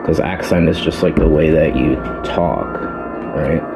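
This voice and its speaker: Deep wry rambling man. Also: a little slow. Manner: wry, rambling, deadpan complaints. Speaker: podcast guest, host's brother. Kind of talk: comedy sketch and casual chat. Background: background music.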